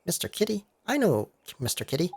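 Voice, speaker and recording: A man's voice: high-pitched, huge pitch swings, brisk, gravelly, a little hiss or hum, voice pushed up, exaggerated voice. A man voicing a mysterious little girl who offers to lead the way, reading game dialogue. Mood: eager.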